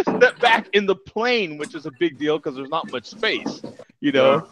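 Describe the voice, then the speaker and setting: A middle-aged man telling a story in casual chat. He is animated, laughs a lot and keeps asking "you know what I'm saying" over a video call. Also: high voice, moderate pace. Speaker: regular panelist. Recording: dull lo-fi video call audio.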